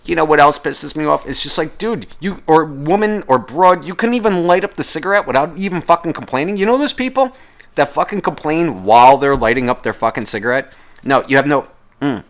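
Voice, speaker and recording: A man's voice: fairly high pitch, expressive, brisk. A man hosting a podcast, delivering a sarcastic, profanity-laced comedic rant. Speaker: podcast host.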